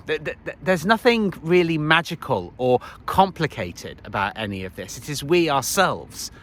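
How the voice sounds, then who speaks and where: A man's voice: mid-range voice, sharp tone, slight background noise. A man in his forties talking as a life coach in a casual motivational monologue, rambling with frequent restarts and laughs. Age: 40s.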